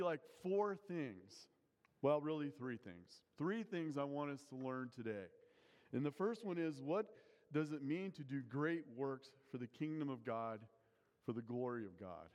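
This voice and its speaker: A man's voice: a little high, darkish tone. Earnest preaching man in a reverberant hall. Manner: earnest, emphatic preaching with rising intensity on key phrases. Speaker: pastor. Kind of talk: sermon.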